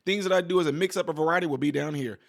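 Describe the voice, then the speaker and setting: Fast-talking man with a higher voice. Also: vocal fry. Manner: animated, talks straight to viewers, prays and blesses at sign-off. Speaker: video commentator. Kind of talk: casual political commentary vlog.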